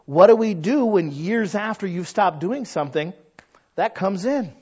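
High-voiced folksy preacher man, lo-fi sound. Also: animated, unhurried, a little mellow, slightly rough. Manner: folksy, chatty, acts out quoted voices. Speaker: pastor. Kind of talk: conversational sermon. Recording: dull lo-fi recording.

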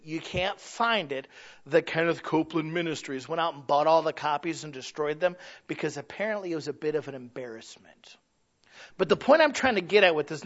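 A man preaching a sermon in a conversational way, swinging from hushed asides to shouted lines. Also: on the high side, lo-fi sound.

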